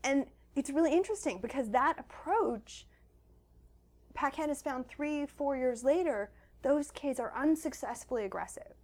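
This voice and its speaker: Animated woman explaining research. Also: high voice, moderate pace. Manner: animated, acts out quoted children's voices. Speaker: author and guest. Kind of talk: conversational interview. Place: home.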